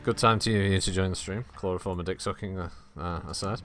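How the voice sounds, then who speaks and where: A man's voice: sits low, steady tone, fairly quick, fairly bright tone, soft background music. A man chatting casually and swearing cheerfully while playing a game on stream. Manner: joking, sweary, chatty commentary. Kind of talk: casual gaming chat.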